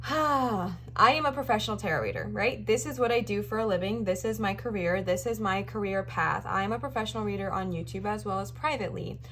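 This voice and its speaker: A young woman speaks straight to her viewers as a tarot reader. Her voice sits in a middle pitch. She talks in a warm-hearted, chatty flow, circling back to the same phrases to reassure. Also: expressive, a little fast, slight background noise. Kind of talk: tarot reading monologue.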